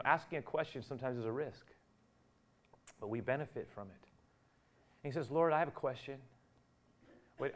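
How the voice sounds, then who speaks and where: A male pastor preaching a sermon, acting out the dialogue he quotes and rising from quiet to loud. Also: mid-range voice.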